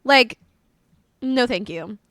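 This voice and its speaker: Chatty southern streamer woman, lively pitch. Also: takes it slowly, dry recording. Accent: North Carolina Southern. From North Carolina, US. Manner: chatty, rambling, animated, self-correcting. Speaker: live streamer. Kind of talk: casual live-stream chat answering viewers.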